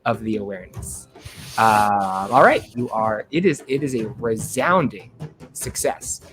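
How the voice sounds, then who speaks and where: A man running a tabletop game as game master, narrating in a halting, chatty way full of "uh" fillers. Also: lowish voice, fairly bright tone, soft background music.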